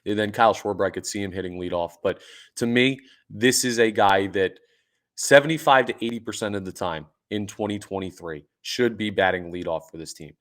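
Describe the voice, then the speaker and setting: A man hosting a sports podcast, talking excitedly and emphatically, repeating points for emphasis. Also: lowish voice, normal speed. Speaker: podcast host.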